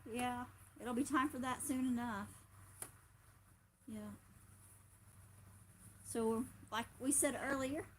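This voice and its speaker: A woman's voice: fairly high pitch, steady tone, takes it slowly, long pauses, slight background noise. Chatty woman hosting a homestead livestream. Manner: chatty, rambling, laughs often. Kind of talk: casual chat.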